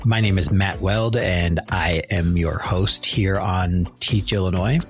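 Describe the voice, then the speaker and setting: A man's voice: low voice, steady tone, slow pace, soft background music. A man hosting an interview podcast, speaking earnestly and chattily with some fillers. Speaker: podcast host.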